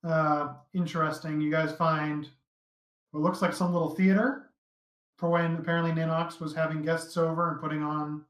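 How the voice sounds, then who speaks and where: A man narrating a tabletop game as dungeon master, easygoing and halting, with many fillers. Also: on the high side, flat delivery, a bit bright, reverberant, poor audio.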